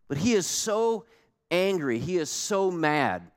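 A male pastor preaching a sermon in a conversational, animated way, full of rhetorical questions. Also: high-pitched, takes it slowly, big-room sound.

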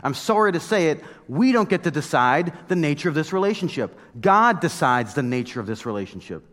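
Animated preaching man in a reverberant hall. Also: on the high side, brisk. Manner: conversational, animated storytelling with mock outbursts. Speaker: pastor. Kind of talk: sermon.

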